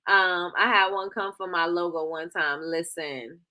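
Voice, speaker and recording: Woman host, bright tone, sassy and playful, reading chat comments live. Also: fairly low pitch, measured pace. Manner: animated, laughing, playful sass. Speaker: livestream host.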